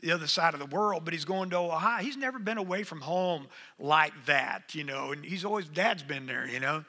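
A man's voice: on the high side, expressive, fairly quick, pushed and bright. A middle-aged man preaching a sermon, talking conversationally and calling out to the congregation. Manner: conversational, engages the congregation with "come on". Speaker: pastor. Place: church sanctuary. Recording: long hall reverb.

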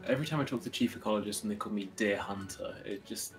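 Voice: low voice, quick pace, soft background music. A person co-playing on a gaming stream, chatting in a wry, teasing way. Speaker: stream co-player. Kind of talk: casual gaming chat.

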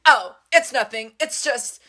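A man's voice: very high voice, unhurried. A man playing a shy, anime-obsessed teenage boy in a comedy sketch, mumbling awkwardly and then snapping defensively. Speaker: comedy creator.

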